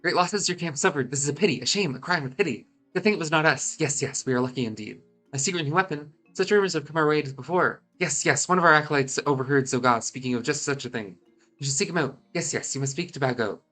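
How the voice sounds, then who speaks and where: A man's voice: on the high side, fast, pushed and bright, faint music behind. A congested Scottish man voicing a small eccentric kobold creature who repeats himself and strings together synonyms. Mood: fawning. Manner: repeats himself, listing near-synonyms, hissing "yes, yes".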